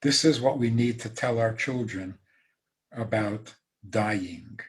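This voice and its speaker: A man giving a rabbi's talk over a video call, emphatic, with dry humor and soft laughs. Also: on the low side, takes it slowly. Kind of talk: talk on a zoom call, answering questions.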